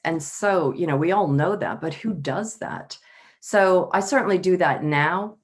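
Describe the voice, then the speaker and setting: A woman's voice: sits low, moderate pace. A woman in her fifties, a wellbeing consultant speaking as a panel guest, telling stories and laughing easily. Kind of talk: casual panel talk.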